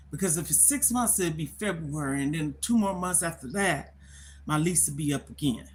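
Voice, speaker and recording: A middle-aged woman livestreams candidly from her phone, worried and near tears, rambling and repeating herself. Her voice is low-pitched, with a little hiss or hum in the audio.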